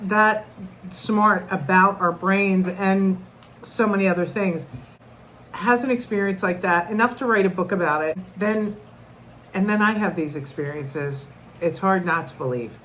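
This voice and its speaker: A woman's voice: medium pitch, fairly bright tone, a little hiss or hum, poor audio. A middle-aged woman telling a personal story to camera in an earnest, conversational way, often restarting her sentences. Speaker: vlogger.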